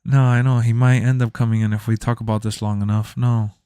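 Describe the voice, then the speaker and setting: Young man streamer rambling on, smooth clear voice, dry close sound. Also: medium pitch, level tone, brisk, dark tone, dry recording. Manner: rambling, repeats himself, laughs a lot. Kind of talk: casual chat.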